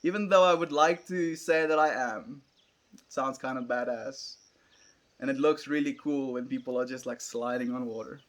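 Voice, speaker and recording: A man's voice: mid-range voice, moderate pace. A young South African man, an Afrikaans speaker, chatting casually on a livestream and musing as he answers viewers.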